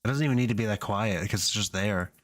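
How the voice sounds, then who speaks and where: Low-voiced man musing while composing. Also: fast, no echo, studio quality. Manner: muttering, hesitant, talks to himself. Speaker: composer streaming a music session. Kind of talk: casual thinking aloud while composing. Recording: music playing faintly behind.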